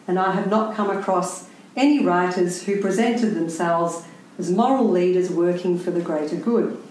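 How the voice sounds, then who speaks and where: A woman's voice: medium pitch, a little mellow, slight background noise. Wry woman writer in an echoey room. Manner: wry, deliberate and pointed. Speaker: writer giving a talk. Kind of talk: prepared public talk. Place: room with a live audience.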